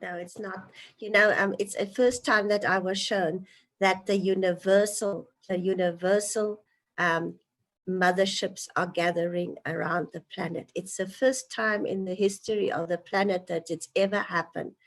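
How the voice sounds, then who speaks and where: Woman guest on a spiritual show, earnest and flowing, mid pitch, excited tone. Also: normal speed. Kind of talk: spiritual interview talk.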